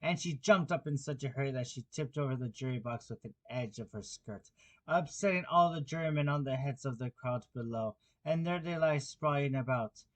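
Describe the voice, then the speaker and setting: Man reading an audiobook aloud. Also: medium pitch. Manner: plain, unhurried reading with small slips and restarts. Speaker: audiobook reader. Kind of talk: amateur audiobook narration.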